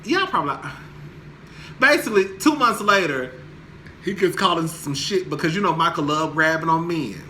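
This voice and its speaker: Sassy young guy gossiping about a reality show, bright sharp voice, a bit high, laughs a lot. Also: moderate pace, a little hiss or hum. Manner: sassy, animated, laughs often. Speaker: reality TV recap vlogger. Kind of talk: casual gossipy recap.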